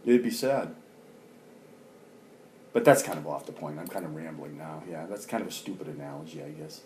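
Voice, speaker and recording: A man's voice: very deep voice, normal speed, a little mellow. A middle-aged man venting in a rambling, profane vlog rant full of fillers. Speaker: vlogger. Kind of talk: ranting vlog monologue.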